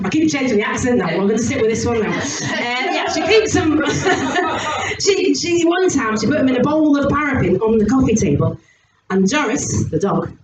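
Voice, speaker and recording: A woman from Somerset, England, performing a stand-up set on a comedy club stage with animated, giggly, crude storytelling. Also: sits high, moderate pace. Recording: echoey club from a distance with noise.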